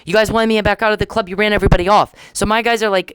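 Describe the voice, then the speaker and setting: A woman's voice: medium pitch, fairly even intonation, rapid-fire, hardly any pauses, noisy background. A woman podcaster in an angry monologue, talking bluntly, profanely and confrontationally.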